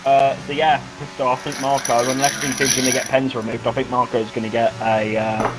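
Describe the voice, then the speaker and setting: A man co-commentating an online race in a relaxed, dry way, laughing along and chipping in with calm calls. His voice is mid-pitched, and clear background noise sits under it. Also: a little fast. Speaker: sim racing co-commentator. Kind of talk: live race commentary with casual banter.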